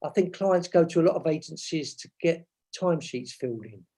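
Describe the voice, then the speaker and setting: A man's voice: on the high side, animated, brisk, dark tone, breathy edge. A man, a guest author from advertising, chatting and reading from his book with rambling, self-mocking asides.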